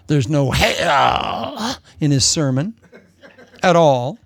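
A man preaching a sermon in a lively, jokey way, acting out quotes in different voices. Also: on the high side, extremely slow, vocal fry, no room sound. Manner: animated, jokey, acts out quotes.

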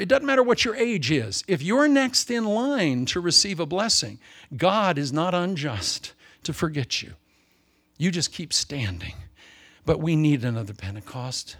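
A man preaching a sermon, telling stories with acted-out quotes and moving into prayer. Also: on the high side. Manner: animated storytelling with acted-out quotes.

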